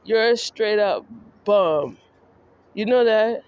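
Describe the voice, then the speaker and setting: A woman's voice: medium pitch, expressive, slow, smooth, muffled recording. A woman vlogger ranting in a scolding, mocking monologue that speaks straight to the person she criticizes. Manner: scolding, mocking, addresses the subject directly.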